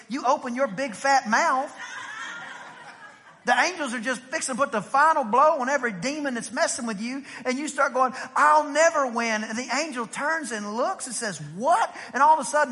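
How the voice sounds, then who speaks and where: This is a middle-aged man preaching in a church sanctuary. His voice sits very high and rings bright and forceful. He keeps checking in with the congregation and acts out little voices, and a long hall reverb trails every phrase. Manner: animated preaching with rhetorical questions and acted-out voices. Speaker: pastor. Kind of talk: sermon.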